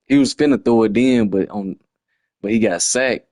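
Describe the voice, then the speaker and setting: Frustrated streamer man, low dry voice. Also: normal speed, a little mellow, dry recording. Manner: frustrated, slangy, rambling self-critique. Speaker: livestreamer. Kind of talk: casual game replay breakdown.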